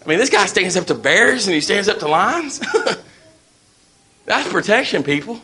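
A man's voice: sits high, sing-song, a little slow, bright, forceful tone, breathy edge. A man preaching a sermon in a folksy, storytelling way.

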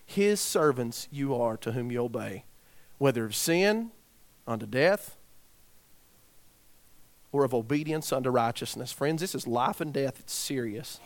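A man preaching a sermon, dropping to quiet, grave emphasis and rising to loud shouts as he tells a story. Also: mid-range voice, expressive, measured pace, pauses often.

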